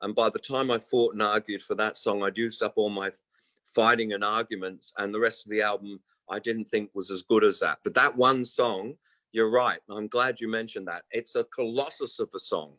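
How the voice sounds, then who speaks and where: A man's voice: on the low side, fairly even intonation, moderate pace, bright, forceful tone, no room sound, low-quality recording. A man in his sixties, a guest musician telling long stories in casual interview chat and acting out the people he quotes. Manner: rambling storyteller who acts out quoted voices. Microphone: remote call.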